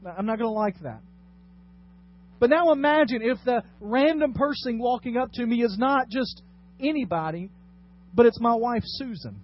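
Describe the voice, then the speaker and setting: Guy pastor preaching, highish voice, goes soft then booming, kinda dull lo-fi sound w/ faint hiss. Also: animated, moderate pace. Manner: dramatic swings between quiet and loud delivery. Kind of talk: sermon. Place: church sanctuary.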